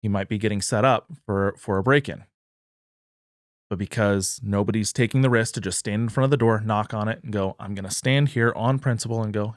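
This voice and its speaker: A man's voice: fairly low pitch, fairly quick, dry recording, studio quality. A man talking earnestly in a political discussion and acting out the quoted dialogue. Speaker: podcast guest, party chair.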